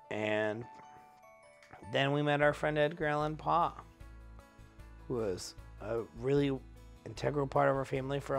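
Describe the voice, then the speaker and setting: Drunk man rambling, slow and high. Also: vocal fry, fairly bright tone. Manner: rambling, loses his thread and corrects himself. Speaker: drunk storyteller.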